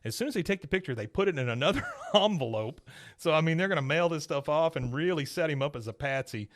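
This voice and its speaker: A man hosting a podcast, recapping a cartoon episode in a casual, animated way and chuckling often. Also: fairly high pitch, quick pace. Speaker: podcast host.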